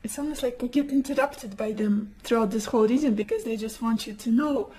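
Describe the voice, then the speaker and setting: A woman whose first language is not English reads tarot cards in a soft, emotive way. Her voice sits fairly high but has a mellow, rounded tone. She often sinks into a hushed near whisper as she speaks. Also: a little fast, a little hiss or hum, low-quality recording. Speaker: tarot card reader. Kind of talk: soft-spoken pick-a-card tarot reading.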